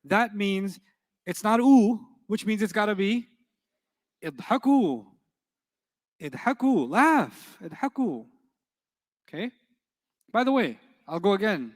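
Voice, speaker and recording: A man teaching an Arabic grammar class, quizzing his students with quick rhetorical questions in a playful, teasing way. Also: high voice, animated, long reverb tail.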